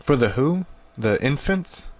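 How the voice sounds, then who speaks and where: A man's voice: mid-range voice, animated, a little slow. A man hosting a casual radio show, talking in a rambling, awkward, self-deprecating way. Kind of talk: casual phone interview.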